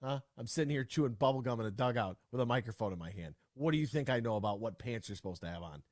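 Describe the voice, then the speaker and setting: Lively, ranting male sports radio host. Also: medium pitch, fast talker, dry recording, studio quality. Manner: animated, ranting with sudden loud outbursts. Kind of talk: casual sports talk radio.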